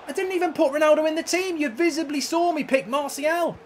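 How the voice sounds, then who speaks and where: A man's voice: extremely high pitch, a little fast, few pauses, slight background noise. A man streaming a football video game, ranting and swearing at the match and answering his viewers' chat. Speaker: gaming streamer. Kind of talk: live game commentary.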